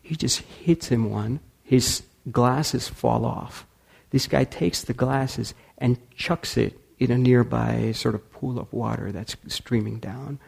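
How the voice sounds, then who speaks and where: Gravelly storytelling man. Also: mid-range voice, slow pace. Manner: animated, acts out quotes. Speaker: speaker. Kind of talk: storytelling talk.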